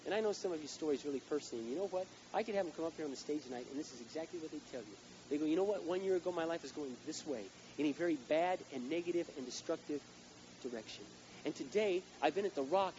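A man preaching a sermon as pastor, telling a long personal story and rising to loud, emphatic peaks. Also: a little high, animated, quick pace, muffled recording, a little hiss or hum.

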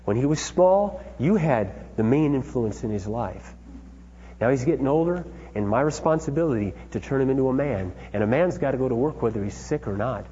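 A man's voice: medium pitch, lively intonation, brisk, mellow. Earnest father telling stories, echoey hall. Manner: earnest, emphatic, folksy storytelling. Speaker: father giving parenting talk. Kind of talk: personal storytelling talk. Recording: dull lo-fi sound with hall reverb and faint hum.

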